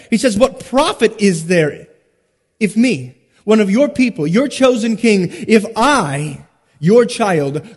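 A man with a high-pitched voice preaches a sermon in a large sanctuary, and his words ring out with a long hall reverb. He swings between loud, emphatic stresses and hushed, slowed drops, often pausing on rhetorical questions. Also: breathy edge. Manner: rhetorical questions and dramatic pauses. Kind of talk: expository sermon.

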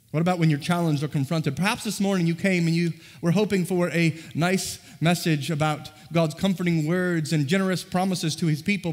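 A man preaching a sermon as pastor, earnestly pressing his listeners with rhetorical questions, recorded in a church sanctuary. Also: fairly high pitch. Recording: long reverb of a large church hall.

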